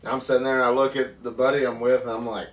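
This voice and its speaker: A man co-hosting a podcast, telling hunting stories in a lively, animated way with bursts of laughter. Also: medium pitch, quick pace, muffled recording. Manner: animated storyteller, laughs and yells mid-story. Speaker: podcast co-host. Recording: roomy, distant mic, faint background noise.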